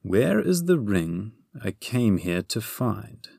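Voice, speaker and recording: A man voicing a nervous, fussy male wizard in an audiobook, hesitant and full of little pauses. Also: lowish voice, big pitch swings, vocal fry, dark tone, dry recording, studio quality, heavily acted. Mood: fidgety. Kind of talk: audiobook character voice.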